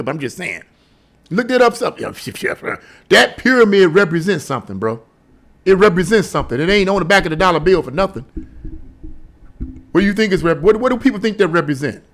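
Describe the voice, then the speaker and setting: A man's voice: sits high, a bit bright. A man giving his political opinions in a casual vlog, emphatic and scoffing, with lots of rhetorical questions. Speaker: political commentator.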